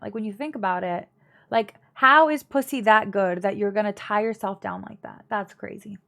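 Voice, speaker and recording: A woman's voice: medium pitch, moderate pace, gravelly, pauses often, a bit bright. A young woman live-streaming from home, chatting casually with her viewers and telling family gossip in a blunt way, full of fillers.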